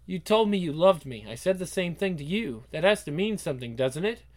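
A man's voice: high voice, animated, a little fast, pitched above the performer's own voice. A man voicing an earnest young superhero woman who explains herself at length.

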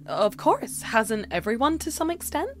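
A man voicing an uneasy young woman investigator who asks soft, curious questions. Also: very high voice, very animated, unhurried, soft background music, pitched above the performer's own voice, full character voice. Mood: questioning.

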